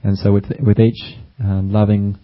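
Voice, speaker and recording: A male meditation teacher delivers a gentle, unhurried dharma talk full of fillers, his deep voice very flat and even. The recording sounds dull and lo-fi.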